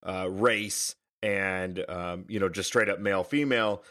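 Low-voiced man musing on a podcast. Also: measured pace. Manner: relaxed, hesitant, with many ums and "you know". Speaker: podcast co-host. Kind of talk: casual podcast discussion.

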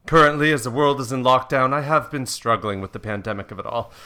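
A man's voice: mid-range voice, quick pace, sharp tone, clear, resonant tone, close to an everyday voice. A man voicing a proud female superheroine who commands the weather, in a grand, declaiming way. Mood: grandiose.

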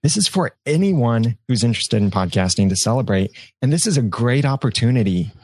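A man's voice: medium pitch, animated, fairly quick, a little mellow, husky, no room sound. A man co-hosting a live podcast show, speaking in an upbeat, encouraging way. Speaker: co-host.

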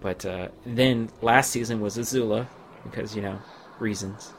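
A man's voice: fairly low pitch, fairly even intonation, moderate pace, slight background noise. Chatty man losing his voice. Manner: rambling, chatty, laughs often. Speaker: podcast co-host. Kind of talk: casual gaming podcast chat.

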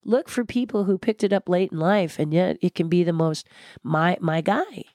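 A woman giving an interview, telling inspirational stories in an animated way and repeating words for emphasis. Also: lowish voice, normal speed, no room sound, clean studio sound. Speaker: interview guest. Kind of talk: animated motivational storytelling.

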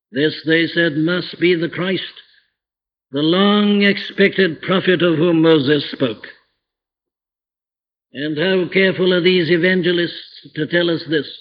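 Older male preacher in a reverberant church. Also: high voice. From Wales. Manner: emphatic preaching with dramatic pauses, quoting scripture in old English. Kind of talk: sermon. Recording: dull old archive recording in a reverberant church.

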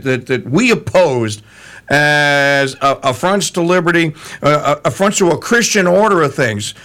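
Animated, bright-voiced talk radio host. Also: male voice, sits high. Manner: animated, opinionated, stammering restarts.

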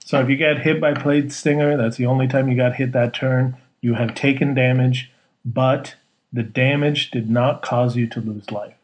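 A man's voice: mid-range voice, steady tone, moderate pace, rough recording. Laid-back joking male co-host. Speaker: podcast co-host. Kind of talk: casual podcast chat.

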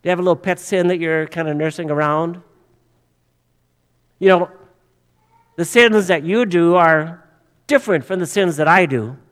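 A male pastor delivers a sermon in a conversational, direct way. He keeps turning to the congregation with rhetorical questions. His voice sits high for a man. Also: normal speed, long pauses, fairly bright tone, in a large hall.

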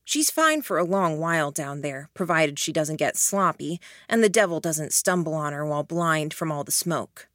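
Woman voicing a sly teasing young man, soft dry delivery, low voice, dry sound. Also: animated, moderate pace, few pauses, no echo.

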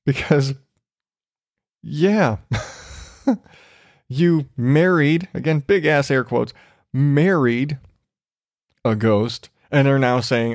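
Guy hosting a podcast, ranting n swearing, laughs a lot, slow talker, dry close sound. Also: mid-range voice, dry recording. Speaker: podcast host. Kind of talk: casual monologue.

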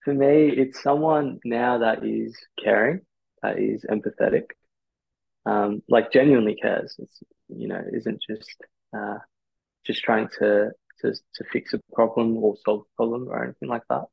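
A man's voice: on the low side, fairly even intonation, moderate pace, gravelly, slightly rough, dry recording. A man in his twenties, a physiotherapist guest on a podcast, answering thoughtfully with hesitant restarts. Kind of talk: candid podcast interview answers. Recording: dull lo-fi podcast audio.

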